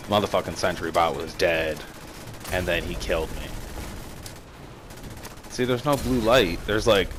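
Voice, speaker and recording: A young man with a deep, low voice talks over his game footage in a loose, rambling way, swearing often and getting worked up. Faint gunfire and game sounds run quietly behind him. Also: noisy background. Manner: excitable, swears freely, rambling. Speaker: gaming commentator. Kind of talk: casual gameplay commentary.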